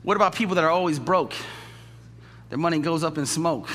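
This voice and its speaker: Pastor guy preaching in a church, lively and joking, voice rings around the hall. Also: fairly high pitch, fairly quick, a little hiss or hum. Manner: animated, jokey, acts out quoted voices. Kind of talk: sermon. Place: church sanctuary. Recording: long church hall reverb.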